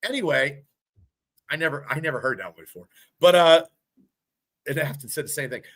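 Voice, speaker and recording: Profane fifty-something storyteller, high and bright. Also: male voice, brisk. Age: 50s. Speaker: podcast co-host. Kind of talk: casual sports podcast chat.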